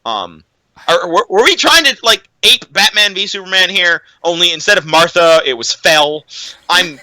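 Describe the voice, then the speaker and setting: A young man co-hosting a podcast, ranting casually about a film with an animated, profane delivery and lots of "um"s. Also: high voice, moderate pace, poor audio. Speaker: podcast co-host. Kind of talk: casual chat, film rant.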